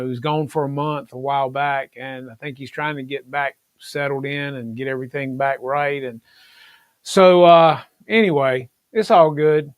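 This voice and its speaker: A man's voice: mid-range voice, clear, resonant tone, dry recording. A middle-aged man hosts a casual livestream, talking in an earnest, rambling way full of fillers. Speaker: livestream host.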